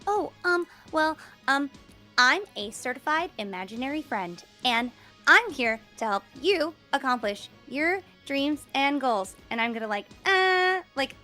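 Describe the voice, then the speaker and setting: A bubbly woman roleplaying at a tabletop game, her voice high and bright with lively swings in pitch. She talks eagerly and quickly warms into character. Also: soft background music. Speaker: player.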